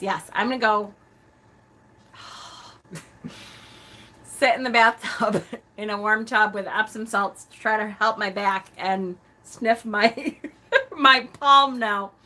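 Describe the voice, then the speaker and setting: A woman hosting a casual live stream, a self-described loud talker who gushes and laughs often. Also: on the high side.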